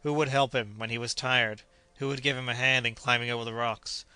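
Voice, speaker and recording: Audiobook figure: a man playing a loyal, cheery young servant, eager, bright-toned voice. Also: medium pitch, steady tone, a little fast, smooth, dry recording.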